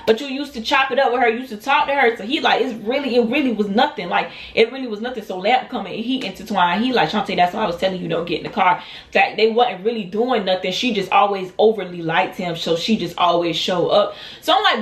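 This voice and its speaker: A woman's voice: on the high side, a little fast. A young woman, telling a dramatic storytime straight to her viewers and acting out what people said. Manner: dramatic, talks straight to viewers, acts out quotes. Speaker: storytime vlogger. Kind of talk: animated storytime vlog. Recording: roomy echo.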